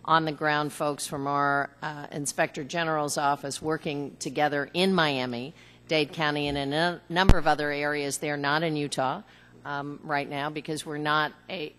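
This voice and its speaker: A woman serving as a cabinet secretary, giving formal testimony at a hearing in a measured, earnest way with frequent fillers. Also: low-pitched, a bit bright, in a large hall. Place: large hearing room.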